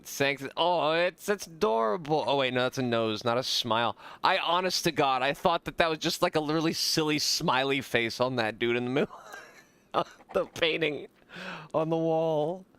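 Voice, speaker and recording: A man's voice: on the high side, moderate pace, a bit bright, clean tone. A man casually commenting while playing a video game, joking, swearing and laughing often. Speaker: gaming streamer. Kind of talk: casual let's-play commentary.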